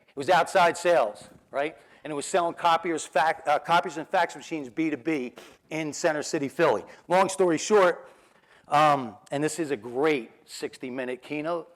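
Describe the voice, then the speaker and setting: A man's voice: on the high side, moderate pace. A middle-aged man with a New Jersey accent telling personal stories in a keynote talk, acting out the dialogue and laughing often. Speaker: motivational speaker.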